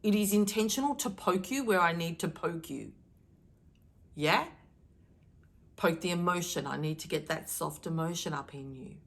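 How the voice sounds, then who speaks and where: A middle-aged woman with a slightly low voice gives a channeled daily message, reading cards for her viewers. She talks in an emphatic, animated way and switches her tone on purpose to stir them up. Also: vocal fry. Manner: emphatic, animated, deliberately shifting tone. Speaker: spiritual card reader.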